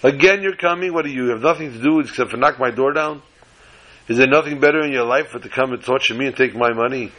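A man voicing an exasperated male townsman who scolds a beggar in rapid, indignant bursts. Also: mid-range voice, fairly bright tone, natural voice, rough recording.

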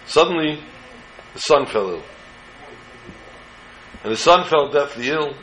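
A man's voice: on the high side, lively intonation, measured pace, fairly bright tone, a little hiss or hum, low-quality recording. A man telling a religious folk tale in a casual, informal way, with digressions and joking asides. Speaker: storyteller.

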